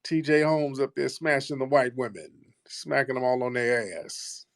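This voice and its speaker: A male host of a call-in show, blunt and confrontational. He lectures his listeners and presses callers hard. His voice sits at an ordinary pitch, recorded dry and close. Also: moderate pace, creaky, no room sound. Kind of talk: heated casual talk.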